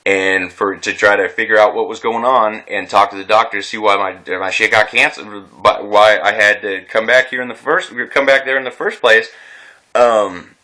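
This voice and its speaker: Man, distressed, rambling, swearing, fairly low voice, bright forceful tone. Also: steady tone, moderate pace. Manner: rambling, agitated, swearing, many restarts. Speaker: veteran telling his story. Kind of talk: unscripted personal vlog.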